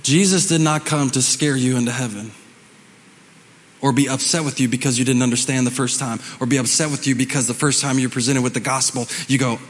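A man's voice: mid-range voice, fairly quick. Preaching man in a reverberant church. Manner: dramatic storytelling, swings from shouting to hushed. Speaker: pastor. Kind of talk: sermon. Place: church sanctuary.

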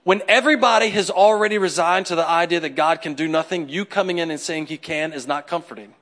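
High bright-voiced male preacher. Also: quick pace. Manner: animated, conversational, acts out quotes. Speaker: pastor. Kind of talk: sermon.

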